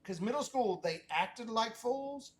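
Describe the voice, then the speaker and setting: A man's voice: extremely high pitch, lively intonation, measured pace. A middle-aged man hosting a podcast, asking loose, rambling questions that trail off and restart mid-thought. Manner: rambling, self-interrupting questions. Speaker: podcast host. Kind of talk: casual interview chat.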